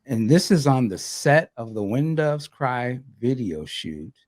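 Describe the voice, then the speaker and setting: A man hosting a podcast interview, giving brief relaxed replies and follow-up questions. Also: medium pitch, unhurried, no echo, clean studio sound. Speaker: podcast host. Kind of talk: casual interview chat.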